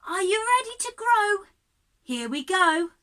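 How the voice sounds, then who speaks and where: A young woman runs a lesson for small children with a very high, bright voice that swings up and down in a lively sing-song. She takes her time, stretching out each instruction slowly and warmly encouraging the little ones. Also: a little hiss or hum. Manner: bubbly, sing-song, encouraging, laughs often. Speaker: early years music and drama teacher. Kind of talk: children's singalong and movement lesson.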